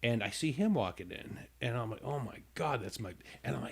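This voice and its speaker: A male radio host at middle pitch tells a long personal story in a casual, rambling way. He stumbles and restarts often and briefly acts out the other people in it. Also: expressive, fast talker, creaky, few pauses, husky.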